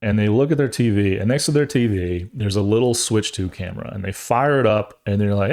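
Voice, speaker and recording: A man's voice: on the low side, sing-song, brisk, hardly any pauses, a little mellow. A man in his thirties, a podcast host, telling a long rambling story in a casual way and acting out the voices of other people as he goes.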